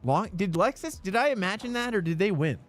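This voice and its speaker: A loose, chatty man streaming his sim racing and talking to chat. His pitch jumps around a lot as he rambles. Faint music plays behind him. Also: very animated, fairly quick. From United States. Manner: loose and chatty, says dude and bro a lot. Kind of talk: casual live-stream chat.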